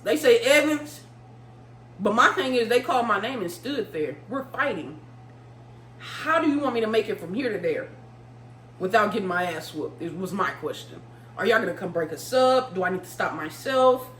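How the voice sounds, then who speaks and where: A young woman vlogger telling a story casually, animated and profane, throwing in vocal sound effects. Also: medium pitch, normal speed. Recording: roomy room with faint hum.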